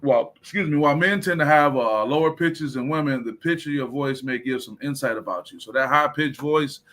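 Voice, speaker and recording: A man from Detroit hosting a livestream, giving a casual motivational talk on tone of voice in an animated way and reading out viewer comments. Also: medium pitch, brisk. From Detroit, USA. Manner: animated, preacher-like, reads viewer comments aloud.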